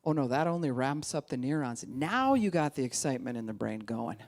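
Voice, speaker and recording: A woman pastor giving a conversational sermon, animated, acting out quoted voices and sometimes dropping to a hushed, calm tone. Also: rumbling low, fairly quick.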